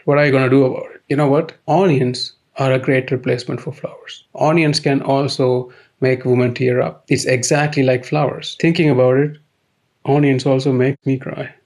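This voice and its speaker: A man talks in a dry, deadpan way. His comic monologue is sardonic and matter-of-fact. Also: mid-range voice. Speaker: comedy series narrator.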